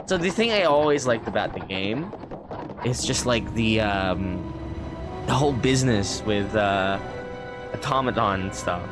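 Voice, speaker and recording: Male streamer, casual gameplay chat, thinking out loud, game music behind. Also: lowish voice, expressive, measured pace. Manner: rambling, filler-heavy, thinking aloud.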